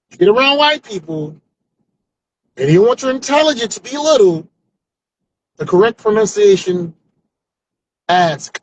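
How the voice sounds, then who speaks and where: A man's voice: sits high, slight background noise, poor audio. A male comedian trying out new stand-up jokes without notes, rambling and talking to himself, often ending lines with "man". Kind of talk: stream-of-consciousness stand-up practice. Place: car on commute.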